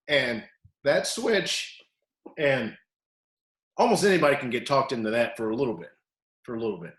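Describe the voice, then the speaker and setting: Animated male coach in an echoey room. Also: medium pitch, normal speed, pauses often. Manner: animated, acts out quotes loudly. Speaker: wrestling coach, podcast co-host. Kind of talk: casual storytelling chat.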